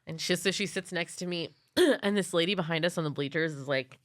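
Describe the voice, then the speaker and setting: A woman's voice: on the low side, fairly quick. A woman comedian co-hosting a podcast, telling a story in casual chat, acting out the people she quotes and laughing as she goes. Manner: animated storyteller, acts out quoted people and laughs mid-sentence. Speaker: podcast co-host, stand-up comedian.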